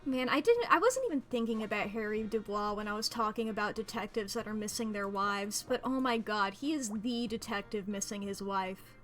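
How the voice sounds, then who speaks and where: A woman's voice: mid-range voice, normal speed, few pauses, soft background music. A woman streaming a puzzle game, chatting in a playful, rambling way and laughing often. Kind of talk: casual gameplay commentary.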